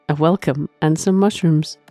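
A woman reads a first-person story aloud in a soft, reflective way, often sighing between lines. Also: low voice, dry recording. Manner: soft, reflective, with frequent sighs. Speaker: narrator.

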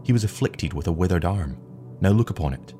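A man voicing a gentle, calm town mayor who answers simply and mildly. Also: low voice, fairly quick, faint music behind.

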